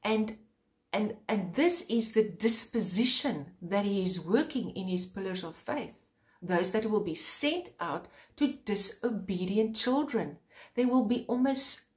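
Earnest woman giving an informal sermon. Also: mid-range voice. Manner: earnest, pausing often, sharpening into fervent emphasis. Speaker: preacher.

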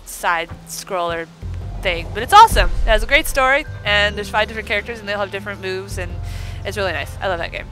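A woman's voice: medium pitch, quick pace, sharp tone, faint music behind, low-quality recording. A woman hosting a let's play, giving bubbly, chatty commentary and talking to the game as she plays. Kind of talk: casual gameplay commentary.

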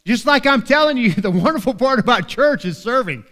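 A man with a high voice preaches in a church, his words ringing with long hall reverb. He talks to the congregation in an earnest, conversational way and keeps asking "right?". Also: animated, a little fast, pushed and bright. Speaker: pastor. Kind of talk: sermon. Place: church sanctuary.

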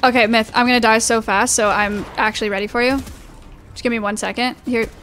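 A young woman with a fairly high voice streams a shooter game and talks to her chat in nervous, repetitive bursts. She sounds jittery and keeps muttering to herself as she plays, and there is a faint hiss under her voice. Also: fairly even intonation, brisk, fairly bright tone. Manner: anxious, repetitive, talking to chat while playing. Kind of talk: live gaming commentary.

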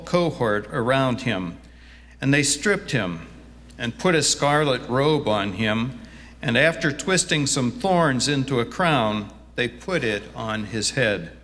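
A man serving as pastor, giving a scripture reading and sermon in a church, reading slowly and deliberately and growing animated as he preaches. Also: medium pitch. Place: church sanctuary. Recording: long reverb from a church hall.

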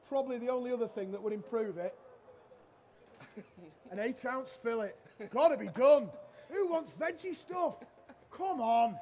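A middle-aged chef with a strikingly high voice for a man, running a cooking demo on a trade show stage. He is a cheeky, loud-mouthed joker who teases his helpers and the crowd. Faint hall noise hums behind him. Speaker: chef giving a cooking demonstration. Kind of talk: live cooking demo with banter.

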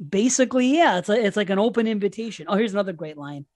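A man's voice: high-pitched, lively intonation, quick pace, a little mellow, no room sound. Rambling man on a dry mic. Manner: rambling, self-interrupting, profane. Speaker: podcast guest. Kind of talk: casual horror film chat.

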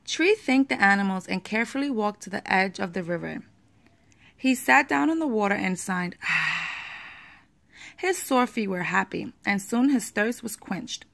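A woman reading a children's picture book aloud at a steady pace, with the odd small slip. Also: mid-range voice, moderate pace, gravelly.

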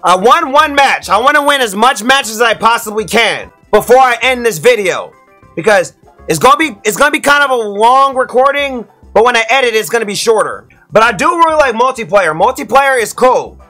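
A man giving excitable, slangy let's-play commentary to his viewers as a YouTube gamer. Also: extremely high pitch, a little fast, soft background music.

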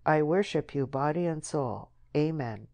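A woman's voice: low voice, a little slow, creaky, warm tone. A woman voicing an impulsive, moody young man who speaks with dramatic intensity. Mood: solemn. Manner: impassioned, dramatic.

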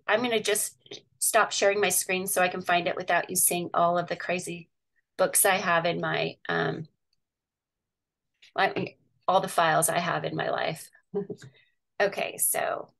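Chatty woman on a video call. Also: medium pitch. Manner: chatty, sharing her screen, with frequent um and laughs. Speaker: guest, parent activist. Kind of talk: casual video call interview.

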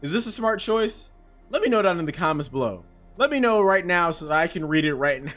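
A man giving casual let's-play commentary, excitable, swearing and reading game text aloud. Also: sits high, brisk, soft background music. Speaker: gaming channel host.

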